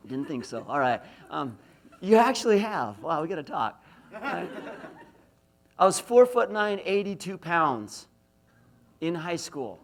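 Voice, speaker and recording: A man's voice: on the high side, big pitch swings, measured pace, long pauses. A middle-aged man from Idaho giving a university lecture, telling self-deprecating stories and throwing questions to the audience. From Idaho, USA. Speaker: motivational speaker.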